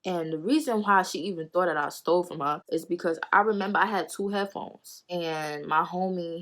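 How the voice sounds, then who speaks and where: A woman in her twenties telling a storytime vlog in animated, slangy, profane talk, acting out quotes. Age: 20s. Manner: acts out quotes with sudden high jumps. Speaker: vlogger. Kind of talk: storytime chat.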